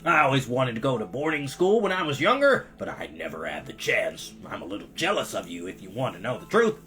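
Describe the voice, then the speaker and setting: A reader doing a pompous middle-aged banker who drawls each word slowly and loudly, very sure of himself. His pitch swings widely as he patronizes, with coughs breaking through and faint music behind him. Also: sing-song. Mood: reassuring.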